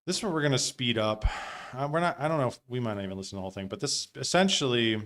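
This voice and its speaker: A man's voice: medium pitch, expressive, racing, fairly bright tone. A man hosting a live stream, giving loose, profane reaction commentary with frequent laughs.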